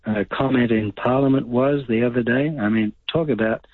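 A man's voice: medium pitch, steady tone, normal speed, no echo. An older man calling in to a radio show, giving blunt, rambling opinions. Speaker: caller. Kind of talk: casual talkback call. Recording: dry phone-line sound.

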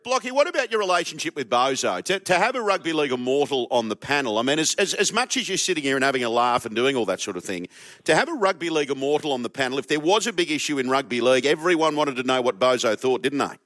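A man's voice: mid-range voice, very animated, fast talker, fairly bright tone, no room sound, studio quality. A man hosting a radio show, upbeat and matey with his guest. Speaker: radio host.

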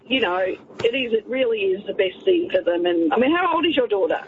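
A woman's voice: medium pitch, big pitch swings, fairly quick. A woman calling in to radio, rambling and reassuring. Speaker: caller. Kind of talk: phone-in call. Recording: tinny phone line with noise.

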